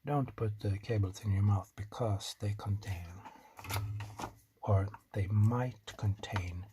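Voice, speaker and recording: A man with a non-native English accent hosts a do-it-yourself electronics video. He talks casually and rambles with joking asides, muttering to himself as he works at a home workbench. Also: fairly low pitch. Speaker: DIY electronics channel host. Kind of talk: casual talk-through while building a circuit. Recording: clear clicking and typing noise behind the voice.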